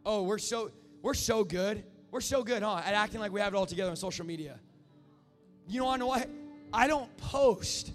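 A man in his thirties preaching an impassioned sermon that builds to shouting. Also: high-pitched, a little fast. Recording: echoey hall with faint music.

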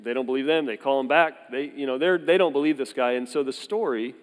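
A man in his forties gives a sermon in a loose, conversational style, spinning light personal anecdotes and quick asides. His voice sits at an ordinary pitch for a man. A long reverb trails behind him in a large church hall. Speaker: pastor.

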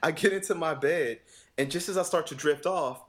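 Animated man telling a story. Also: a little high, normal speed, crowd noise. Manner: animated, acts out quoted dialogue with voice shifts; frequent laughter and casual swearing. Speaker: vocal coach. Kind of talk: casual storytelling chat.

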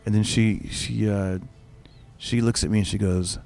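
Rambling, animated male storyteller. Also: fairly low pitch, a little slow, gravelly, soft background music. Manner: rambling, animated storyteller with many restarts and fillers. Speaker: comedian. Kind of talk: casual storytelling chat.

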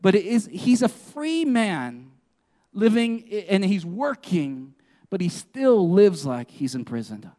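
A man's voice: high voice, big pitch swings, takes it slowly, dark tone. A male pastor preaching a sermon in an earnest way, often putting questions to the congregation.

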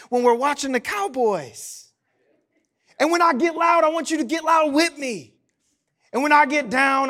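High-voiced, chatty male preacher. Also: fairly bright tone. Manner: conversational and humorous, frequent "right?" tags. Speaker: pastor. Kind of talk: sermon.

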